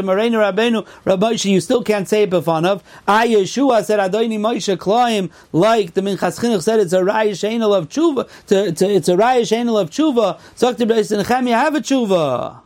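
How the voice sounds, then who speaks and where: A man's voice: high-pitched, darkish tone. A man with an American yeshiva accent teaching a Talmudic class, mixing Yiddish and Hebrew terms into his English and reading texts in a sing-song. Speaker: Torah teacher. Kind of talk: Talmudic lecture.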